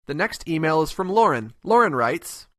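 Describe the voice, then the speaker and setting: This man's voice sits on the high side, very animated and a bit bright, at a moderate pace, recorded cleanly in a studio without echo. He acts out a foul-mouthed, short-tempered cartoon host who scornfully mocks everyone in an abrasive tone, for a comedic web cartoon.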